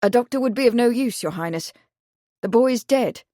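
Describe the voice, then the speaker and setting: A woman voicing a sober, commanding gentleman who speaks firmly, in an audiobook. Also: on the high side, expressive, moderate pace, no echo, studio quality, close to an everyday voice. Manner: firm and sober.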